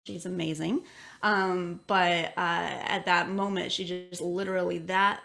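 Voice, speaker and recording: A woman's voice: lowish voice, flat delivery, unhurried, creaky, a bit bright, faint music behind. A woman who is an intuitive medium, telling a personal story casually with many filler words. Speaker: intuitive medium, interview guest.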